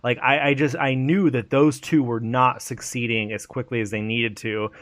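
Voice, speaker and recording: A man of medium pitch co-hosts a casual gaming podcast, animated and profane, acting out game scenes in quick put-on voices. The recording is dry and of studio quality.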